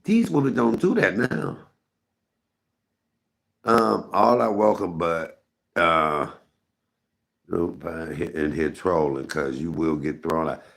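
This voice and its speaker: A man's voice: low-pitched, lively intonation, slow, vocal fry, long pauses, a bit bright. A middle-aged man hosting a live stream, telling rambling, candid stories and talking to his chat. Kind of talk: casual storytelling to viewers.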